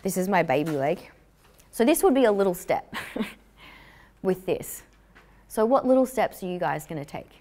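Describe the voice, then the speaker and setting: A woman's voice: on the low side, sing-song, moderate pace, long pauses, darkish tone, a little hiss or hum. A woman giving an upbeat, jokey live talk to a young audience as a motivational speaker.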